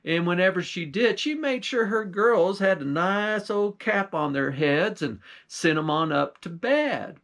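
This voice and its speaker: A man's voice: sits high, expressive, measured pace, few pauses, fairly bright tone. A man, a pastor, telling an old folktale in a folksy rural dialect. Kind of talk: folktale storytelling.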